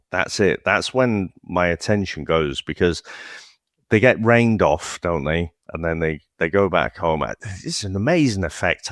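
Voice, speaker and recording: A man's voice: sits low, no echo, clean studio sound. A man, casually reviewing a film as podcast co-host, swearing and laughing as he talks. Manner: swears freely, laughs often, restarts words.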